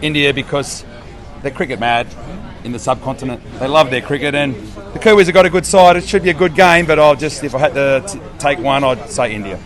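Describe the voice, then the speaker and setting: A man answering questions on the street in a relaxed, rambling way. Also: medium pitch, fairly quick. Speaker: passer-by interviewee. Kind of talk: casual chat. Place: street outdoors.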